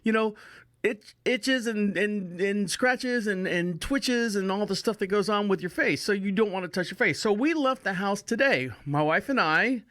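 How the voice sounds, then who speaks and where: A man's voice: high-pitched, normal speed, fairly bright tone, dry recording. A man hosting a podcast, telling a rambling casual story and often restarting his phrases. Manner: chatty, repeats himself, restarts phrases. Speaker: podcast host.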